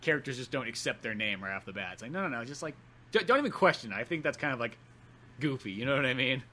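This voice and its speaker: A man's voice: medium pitch, lively intonation, quick pace, pushed and bright. A man co-hosting a podcast, talking casually and profanely about a film script and laughing often. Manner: loose, profane, laughing, puts on goofy voices. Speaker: podcast co-host. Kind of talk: casual chat.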